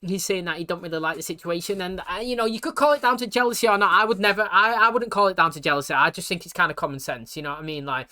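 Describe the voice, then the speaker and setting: A British man talking fast and casually, full of slang and fillers, reacting to a TV episode for his channel. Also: sits high, bright, forceful tone.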